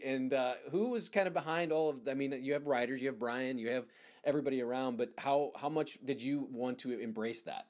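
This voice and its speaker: A man's voice: mid-range voice, lively intonation, brisk, darkish tone. A man hosting an interview, asking long rambling questions with many restarts and fan-like enthusiasm. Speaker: podcast host. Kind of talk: casual interview chat.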